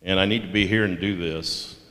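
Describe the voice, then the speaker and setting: Older man with a deep voice in an echoey church. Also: fairly even intonation, fairly bright tone. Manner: halting and heartfelt, with many pauses and fillers. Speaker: lay speaker at communion. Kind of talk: sermon. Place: church sanctuary.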